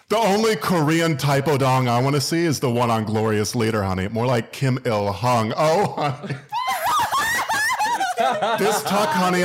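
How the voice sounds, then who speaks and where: A man's voice: mid-range voice, close to an everyday voice. A man voicing a sassy male drag queen who drawls and calls everyone honey. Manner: drawling, campy.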